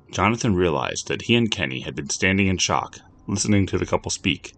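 Deep-voiced, expressive male storyteller. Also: a little fast, few pauses. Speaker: narrator. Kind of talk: scripted story narration.

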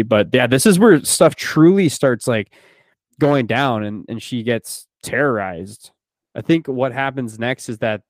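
Low-voiced man recapping a movie. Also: no room sound. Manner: animated retelling, acts out quoted lines. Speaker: podcast host. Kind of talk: casual movie discussion.

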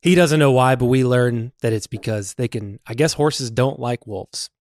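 A man's voice: medium pitch, moderate pace, dry recording, studio quality. A man co-hosting a casual movie podcast, talking animatedly and acting out scenes. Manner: animated, acts out movie lines in put-on voices. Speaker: podcast co-host.

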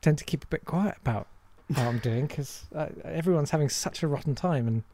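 A man's voice: fairly high pitch, brisk, warm tone, a little hiss or hum. A man, a comedian and impressionist, chatting casually and self-deprecatingly in an interview.

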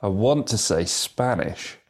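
A man co-hosting a podcast, chatting casually and telling anecdotes with relaxed slang. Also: fairly low pitch, slow pace, breathy edge. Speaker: podcast co-host. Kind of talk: casual chat.

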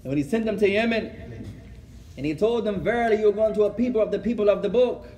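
A man giving a religious lecture, telling a story lively and acting out conversations, often adding Arabic phrases and laughing as he goes. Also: high voice, fast, slight background noise. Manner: animated, acts out dialogue, code-switches with Arabic phrases; laughs while telling stories. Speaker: Islamic teacher.

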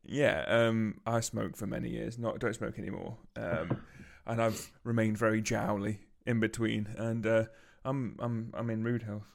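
A man's voice: lowish voice, steady tone, a little slow, hardly any pauses. A man co-hosting a podcast, teasing his partner in a dry, casual way. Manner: dry, teasing, rough-edged. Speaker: podcast co-host. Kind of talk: casual chat.

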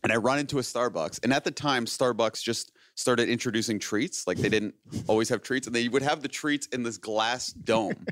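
Clean, dry studio audio captures a podcast host in his late thirties at medium pitch and moderate pace, his tone a bit bright. He laughs often while rambling through a long, casual story, performing the voices of its characters.

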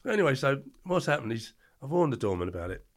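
Older guy on a podcast, talks fast, blunt slangy yarns, keeps correcting himself. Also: mid-range voice, very animated. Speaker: podcast guest. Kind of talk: casual storytelling.

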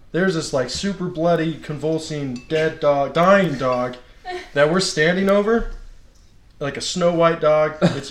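A man in a casual podcast chat, telling a story in a slangy, animated way and laughing as he goes. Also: on the high side. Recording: echoey room.

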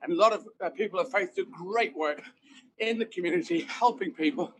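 A man, a comedian, talking in an animated, emphatic way with rambling asides during an interview, apparently while out running. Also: high-pitched, brisk, slight background noise, rough recording. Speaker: guest comedian. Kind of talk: conversational interview.

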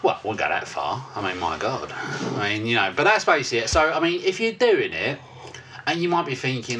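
A man's voice: mid-range voice, very animated, moderate pace, bright, forceful tone, a little hiss or hum. A man from Britain co-hosting a podcast in sweary, sarcastic casual banter. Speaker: podcast co-host. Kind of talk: casual chat.

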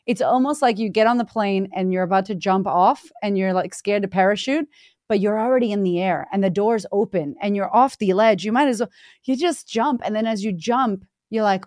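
Podcast guest, woman coach, animated storyteller, dry close mic. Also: mid-range voice, brisk, no echo. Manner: animated storyteller, acts out quotes. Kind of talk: casual podcast interview.

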